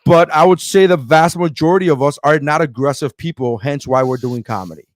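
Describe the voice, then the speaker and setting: Male comic co-host, opinionated and profane, slightly high voice recorded dry. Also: a little fast, dry recording. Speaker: comedian and podcast co-host. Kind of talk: casual chat.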